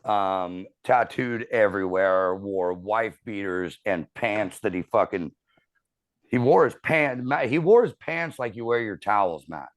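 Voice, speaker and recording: A man in his thirties telling a profane, animated story as a podcast host in casual chat. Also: fairly low pitch, unhurried.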